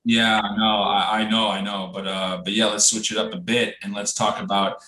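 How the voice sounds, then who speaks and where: A man's voice: lowish voice, flat delivery, moderate pace, pushed and bright, roomy sound. A man co-hosting a casual podcast, telling a story with lots of restarts and acted-out quotes. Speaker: podcast co-host.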